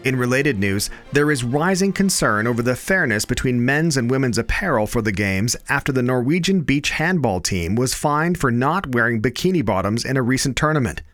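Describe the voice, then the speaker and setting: A Canadian man reading satirical news headlines in a dry, deadpan anchor style. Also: mid-range voice, moderate pace, few pauses, no room sound, faint music behind. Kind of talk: deadpan comedy news delivery.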